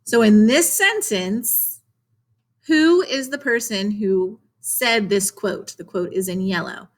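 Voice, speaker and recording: A young adult woman, a teacher, giving a remote lesson to children in a clear, encouraging classroom manner, asking questions along the way. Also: mid-range voice, takes it slowly.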